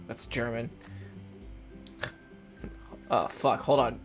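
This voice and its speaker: A man's voice: mid-range voice, lively intonation, moderate pace, a bit bright, faint music behind. A man giving casual let's play commentary, rambling, swearing and mocking himself as he reads through a game. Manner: rambling, profane, self-mocking. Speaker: gaming video host.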